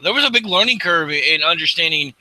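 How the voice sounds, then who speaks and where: A man's voice: on the high side, expressive, fairly quick, bright, forceful tone, rough recording. A man co-hosting a casual radio talk show, blunt and swearing freely. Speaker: podcast co-host. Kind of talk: casual chat.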